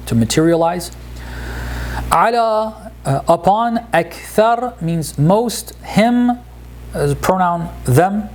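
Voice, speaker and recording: A man teaching a relaxed lesson on Quranic Arabic grammar, explaining word by word with frequent pauses and restarts. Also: on the high side, slight background noise. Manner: explanatory, hesitant, many fillers and restarts.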